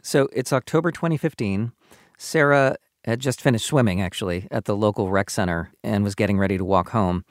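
A man, a radio producer, narrating a story in a measured, scripted way. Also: on the low side, no echo, studio quality.

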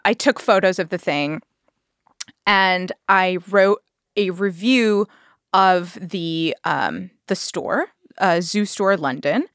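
A woman telling a story to podcast hosts in a casual, animated way, laughing as she goes and acting out what people said. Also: lowish voice, takes it slowly, no echo, clean studio sound. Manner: animated, laughs while telling, acts out quotes.

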